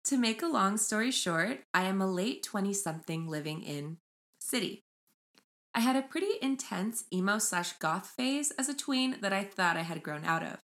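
A young woman co-hosting a casual podcast, chatting and reading a story aloud with lively mimicry of voices. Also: medium pitch, moderate pace. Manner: animated, mimics voices when retelling. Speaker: podcast co-host.

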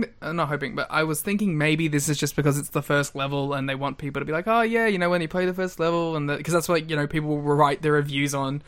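A man's voice: a little high, fairly bright tone. A man, co-hosting a podcast in laid-back, laughing chat. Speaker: podcast co-host. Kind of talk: casual chat.

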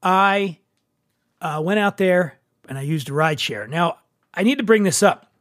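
A higher-pitched man tells a long story in a relaxed, conversational way and acts out the other people's lines. The sound is dry and close, with no room echo. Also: measured pace. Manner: animated, acts out dialogue with shifting pitch. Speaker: podcast host telling a story. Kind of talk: casual storytelling. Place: brewery.

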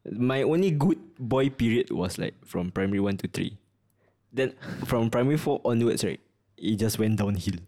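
A man's voice: on the low side, expressive, moderate pace, mellow. A young man with a Singaporean English accent, co-hosting a podcast in casual banter, laughing often and restarting his sentences. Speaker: podcast co-host. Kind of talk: casual chat.

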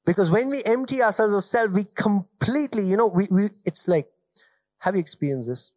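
A male pastor, preaching a conversational sermon full of rhetorical questions and slow, stressed phrases. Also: high-pitched, expressive, no echo.

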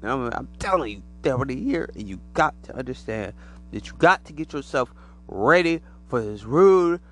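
A man giving a rambling, animated conspiracy monologue to the camera, acting out imagined voices as he goes. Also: mid-range voice, moderate pace.

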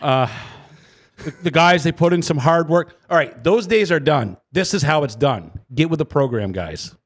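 A man's voice: a little high, lively intonation, normal speed. A man co-hosting a casual chat show, joking and mock-ranting at the listeners. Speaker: podcast co-host.

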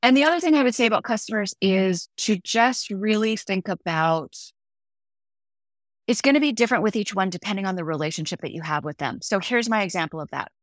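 A woman's voice: medium pitch, expressive, a little fast, no echo, studio quality. Reflective middle-aged woman telling stories. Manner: reflective, acts out quoted dialogue. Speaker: podcast guest. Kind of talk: conversational interview storytelling.

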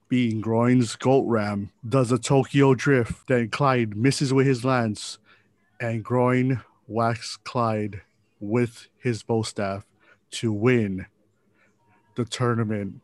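Slow, dry-voiced man running a tabletop game. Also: medium pitch, dry recording. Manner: laughing, joking asides. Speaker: game master.

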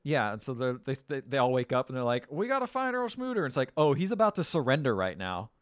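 A man's voice: mid-range voice, quick pace, no echo, studio quality. A man casually recapping a film on a podcast, acting out the characters' lines. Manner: acts out quoted lines with lively swings and laughs. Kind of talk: casual chat.

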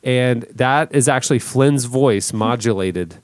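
A man in his thirties rambles through listener feedback as a podcast host, stopping and restarting his sentences often. His voice has an ordinary, middle pitch. The sound is dry and close, with no room echo. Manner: rambling, halting, full of restarts. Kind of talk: casual chat.

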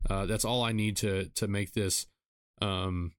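A man hosting a solo podcast, talking earnestly in a repetitive, self-deprecating way and sounding tired after a rough week. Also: lowish voice, fairly even intonation, unhurried. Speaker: podcast host. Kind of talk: solo podcast advice monologue.

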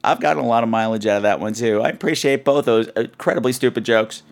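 A man hosting a podcast, telling comic stories in an animated way and jumping in and out of put-on voices. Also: mid-range voice, fast, creaky. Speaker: podcast host. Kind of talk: comedic storytelling monologue. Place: New York.

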